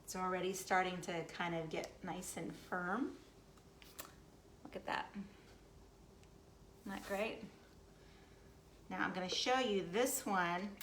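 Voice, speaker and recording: A medium-pitched woman runs a chatty, upbeat cooking demo from her Midwestern US home, speaking straight to the people watching. A little hiss or hum sits under the audio.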